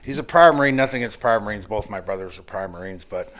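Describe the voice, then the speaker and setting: An American man in his forties with a fairly low voice tells profane stories in casual chat. He talks with animation and laughs through his own punchlines. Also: lively intonation, fast, fairly bright tone. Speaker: guest firearms instructor.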